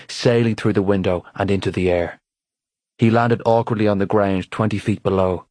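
Deep, husky male audiobook narrator. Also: darkish tone, no room sound. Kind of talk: scripted narration.

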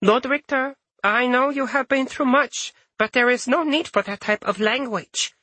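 A man voicing a kind, elderly female sprite in a high, thin voice for an audiobook. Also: normal speed, sharp tone, no room sound, full character voice. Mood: shaken.

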